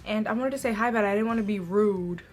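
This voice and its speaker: A woman's voice: mid-range voice, fast talker, darkish tone, close to an everyday voice. A woman voicing a pushy, clingy young man in his late twenties who keeps wheedling. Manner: wheedling, insistent.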